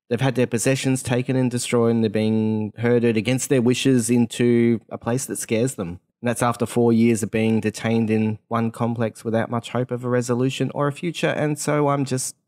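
A man's voice: medium pitch, darkish tone. A man co-hosting a podcast over a video call, earnest and worked up, rambling in casual chat. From Australia. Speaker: podcast co-host.

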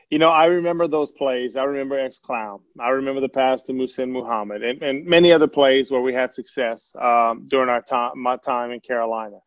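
A man, a former quarterback, telling a long story in a relaxed, rambling way with plenty of fillers. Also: mid-range voice, dry recording. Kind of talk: casual anecdote telling. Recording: dull lo-fi, dry sound.

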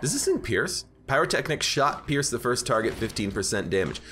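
A man's voice: medium pitch, sing-song, fairly quick, fairly bright tone, slight background noise. A man giving rambling casual commentary while playing a video game, often correcting himself mid-sentence. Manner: rambling, self-correcting, chatty. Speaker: game streamer. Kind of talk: casual let's-play commentary. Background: game music.

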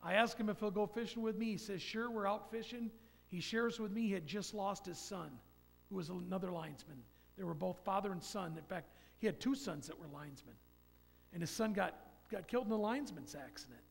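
Earnest man with a gravelly voice. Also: sits high, brisk, in a large hall. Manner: earnest, storytelling. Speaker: church speaker giving a personal testimony. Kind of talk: personal testimony talk. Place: church sanctuary.

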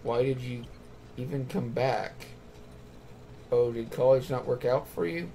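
In an unhurried way, a man plays a story game as a let's play gamer, reading out the dialogue choices before picking one. His mid-range voice is gravelly and mellow, and slight background noise can be heard.

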